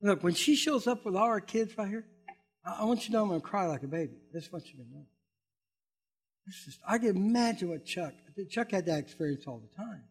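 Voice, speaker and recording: A man's voice: sits high, animated, a little fast, breathy edge. A man preaching a conversational sermon as a pastor, acting out quoted voices and building to emphatic peaks.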